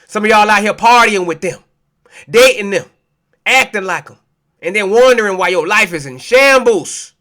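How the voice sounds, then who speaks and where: High-pitched fiery male preacher. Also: expressive, normal speed, bright, forceful tone. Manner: preachy, profane, calls out listeners as family. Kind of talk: fiery street sermon.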